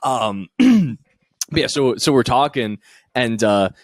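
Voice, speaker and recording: A man's voice: medium pitch, very animated, slow, no room sound. Young man, podcast co-host, rambling anecdotes, dry close mic. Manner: rambling, filler-heavy storytelling with voiced impressions. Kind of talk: casual storytelling chat.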